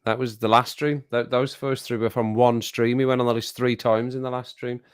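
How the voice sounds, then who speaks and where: Smooth and a little fast, this man's medium-pitched voice shows little pitch movement. He is a middle-aged livestream host going through the chat casually, poking fun at viewers, laughing a lot, and echoing his own words.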